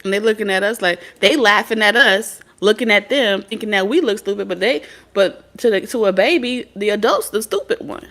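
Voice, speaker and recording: A woman's voice: mid-range voice, fairly quick, hardly any pauses, fairly bright tone. A woman and mother, a spirit medium, talking bluntly and profanely in a casual, preachy monologue. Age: adult mother of several children. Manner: blunt, profane, streetwise storytelling. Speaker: spirit medium and tarot reader.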